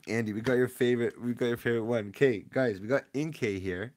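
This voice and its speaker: A young man hosting a casual livestream from his room at home, chatting in relaxed slang and jumping from quiet mumbles to sudden loud yells. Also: medium pitch, fast talker, few pauses. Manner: laid-back slangy banter with chat. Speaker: livestream host opening card packs.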